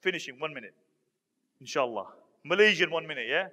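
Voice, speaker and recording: A man's voice: a little high, animated, brisk, pushed and bright. A man preaching a storytelling sermon to a live audience, acting out the words of the people in his stories. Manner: dramatic storyteller acting out quoted speakers. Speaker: Islamic preacher. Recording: long hall reverb.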